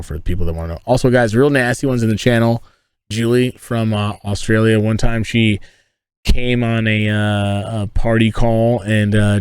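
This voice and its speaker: Male streamer, low voice, dry close sound, loose profane banter with chat. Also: dry recording. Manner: rambling, profane, joking, talks to chat. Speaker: streamer chatting with viewers. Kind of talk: casual live-stream chat. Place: inside a tent.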